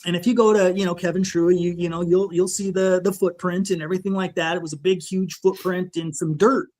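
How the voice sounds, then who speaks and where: A man guest on a podcast, recounting a frightening personal encounter in a halting, emotional way, full of restarts and "you know". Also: high voice, steady tone, a little mellow. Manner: shaken, emotional retelling.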